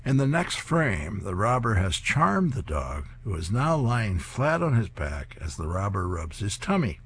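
A man's voice: on the low side, big pitch swings, measured pace, a bit bright, slight background noise. A man hosting a program where he reads comic strips aloud, chuckling at the jokes. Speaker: host reading comic strips. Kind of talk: reading service narration.

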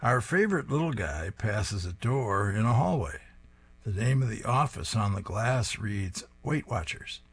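A man's voice: on the low side, lively intonation, a little slow, slightly rough, soft background music. A man hosting a program where he reads comic strips aloud, chuckling at the jokes. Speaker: host reading comic strips. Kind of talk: reading service narration.

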